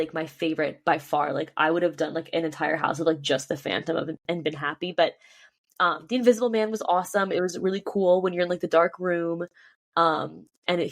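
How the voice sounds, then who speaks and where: A young woman with a slightly low voice talks eagerly into a podcast mic, filling her sentences with ums and likes. The sound is close and dry, with no room around it. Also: no room sound. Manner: chatty, many ums and likes, enthusiastic. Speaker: podcast co-host. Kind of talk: casual chat.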